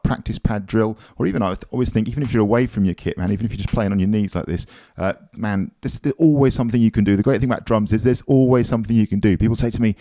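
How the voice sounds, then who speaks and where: A man's voice: fairly low pitch, dark tone, no room sound, clean studio sound. A man teaching a drum lesson in a casual, encouraging, chatty way, counting beats aloud as he plays.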